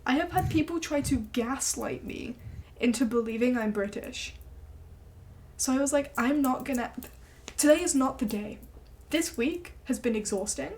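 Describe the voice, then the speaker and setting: Her voice on the high side, a young woman streaming in casual chat tells a story with lots of energy. She curses freely and plays out what various people said.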